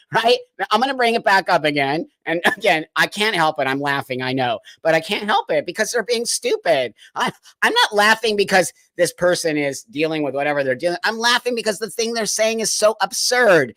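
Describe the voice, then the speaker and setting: A man's voice: sits high, animated, moderate pace, bright, forceful tone, no room sound. A man hosting a live stream, commenting bluntly and mockingly and laughing often.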